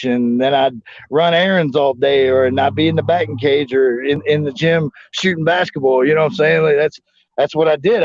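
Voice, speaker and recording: A former wrestler and Marine from the United States tells rambling, profane stories in a casual shoot interview, peppered with fillers like "you know what I'm saying." His voice is fairly high with a darkish tone, and the audio is dull, dry, and lo-fi.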